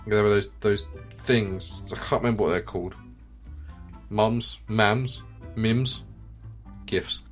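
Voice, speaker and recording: A man's voice: on the low side, slow, pauses often, soft background music. A man reading the lines of a bitter, self-pitying, middle-aged widowed farmer in a video game, resentful and defensive in tone. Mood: aggrieved. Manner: resentful, defensive, plain-spoken.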